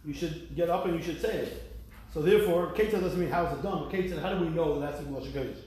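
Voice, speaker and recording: A man's voice: fairly high pitch, quick pace, darkish tone, heavy reverb, low-quality recording. A man, a rabbi, teaching a Talmud class, explaining the texts and chanting Hebrew verses with a rising lilt, with jokey asides to the students.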